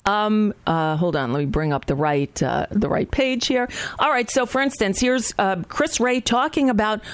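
A woman's voice: mid-range voice, clean tone, no echo. Sarcastic woman with a dry close sound. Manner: sarcastic, halting with many restarts. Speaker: political commentary host. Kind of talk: casual political commentary.

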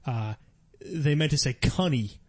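A man's voice: mid-range voice, unhurried. A man in a casual comedy podcast chat, telling crude jokes and laughing at them.

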